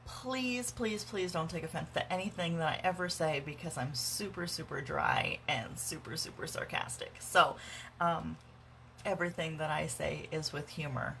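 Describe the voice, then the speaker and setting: A woman vlogs from home into her phone, walking viewers through how she runs her sales parties. Her voice sits a bit low but sounds bright and forceful, with a dry, sarcastic edge and plenty of "um"s and "right?"s. A faint hum sits under the recording. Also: moderate pace, gravelly. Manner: sarcastic, dry humor, chatty with many fillers. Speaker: direct sales consultant. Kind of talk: casual instructional vlog. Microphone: phone camera.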